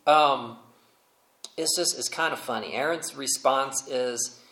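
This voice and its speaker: A male pastor preaching a sermon, telling the story in a relaxed, humorous, conversational way. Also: medium pitch, takes it slowly, echoey room, low-quality recording.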